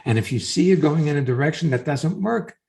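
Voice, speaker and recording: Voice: medium pitch, lively intonation, a little fast, vocal fry, a little mellow. A co-host of a casual coaching talk show, speaking encouragingly over a video call.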